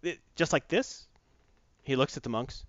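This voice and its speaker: A man in a casual chat, retelling a comic book story in animated fashion and acting out the characters' lines. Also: medium pitch, unhurried, dry recording, muffled recording.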